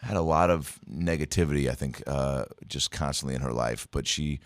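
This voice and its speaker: A man with a very low voice telling crude, animated stories about his school days. He sounds close and dry, as if recorded in a treated studio, and he swears freely between impressions. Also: moderate pace, no echo. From Seattle, USA. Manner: profane, animated storytelling with impressions. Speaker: comedian guest. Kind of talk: casual storytelling chat.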